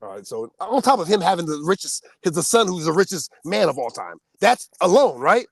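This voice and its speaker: Gravelly and brisk, this man's voice sits a bit high but shoots up when excitement hits. Co-hosting a podcast, he tells lively stories and laughs a lot, in a dry, close recording with no room around him.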